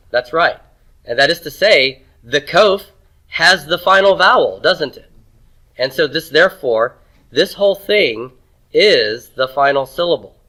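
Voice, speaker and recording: Teacher: man, bright tone, quizzes the class and cracks folksy jokes. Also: medium pitch, rough recording. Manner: drills pronunciation, asks the class questions, folksy jokes. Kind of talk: classroom lecture.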